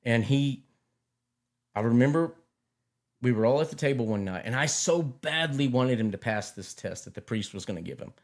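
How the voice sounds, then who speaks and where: A middle-aged man in casual chat, telling stories in an animated way and often repeating his words. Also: medium pitch, moderate pace.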